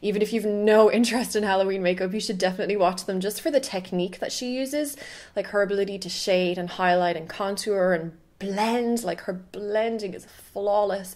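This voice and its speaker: A woman's voice: medium pitch, darkish tone. An Irish woman who works as a makeup artist, chatting casually to camera about channels she likes, gushing and peppering her talk with fillers. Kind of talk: casual vlog recommendations.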